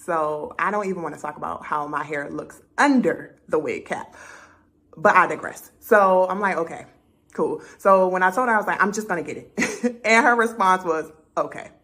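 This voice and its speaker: A woman's voice: fairly low pitch, moderate pace. Chatty woman telling a story. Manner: chatty, animated, acts out her own conversations. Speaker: vlogger. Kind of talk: casual storytelling to camera.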